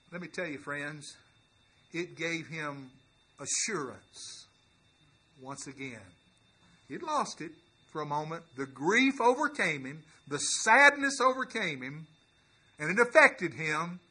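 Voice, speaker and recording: A male pastor telling a story in a sermon, earnest and halting, with many restarts, who rises into emphatic preaching. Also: on the high side, lively intonation, sharp tone, a little hiss or hum.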